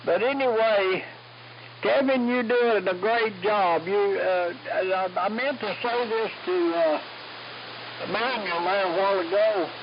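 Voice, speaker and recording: A man's voice: high voice, a little slow. A man, checking in on an amateur radio net, folksy and joking, heard through lo-fi AM radio with static. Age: 70s. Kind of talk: ham radio chat.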